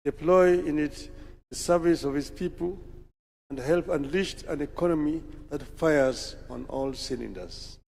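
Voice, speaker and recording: A Kenyan man giving a formal prepared speech at a national celebration, in measured, deliberate oratory with pauses. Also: fairly high pitch, vocal fry, a little mellow. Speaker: political speaker. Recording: long hall-like reverb from PA.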